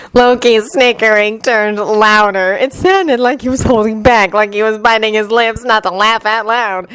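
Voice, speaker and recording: A woman narrating a fanfiction audiobook in a steady, even reading. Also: fairly high pitch, moderate pace, hardly any pauses, smooth, dry recording, low-quality recording. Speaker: fanfiction reader.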